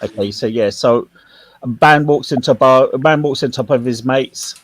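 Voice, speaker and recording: Man, casual panel talker, joke-teller, mid-pitched voice, dry. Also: a little fast, dry recording. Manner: tells long jokes with acted-out dialogue. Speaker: panel participant. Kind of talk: casual chat.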